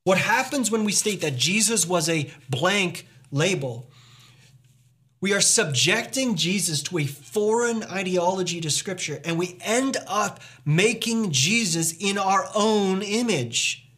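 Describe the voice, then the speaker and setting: A pastor delivers his sermon in a notably high voice for a man. He is earnest and emphatic, pressing his points with rhetorical questions. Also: lively intonation, unhurried, sharp tone.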